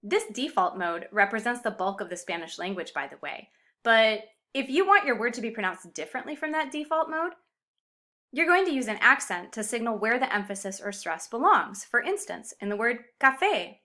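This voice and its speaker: A woman explaining grammar in a clear, upbeat video lesson with Spanish example words. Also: on the high side, animated, a little fast, bright, forceful tone. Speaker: Spanish teacher.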